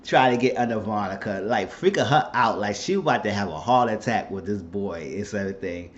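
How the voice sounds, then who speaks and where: A man hosting his own channel, casually recapping a TV episode with animated retelling and asides. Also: lowish voice, brisk, lo-fi sound. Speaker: YouTube show recap host.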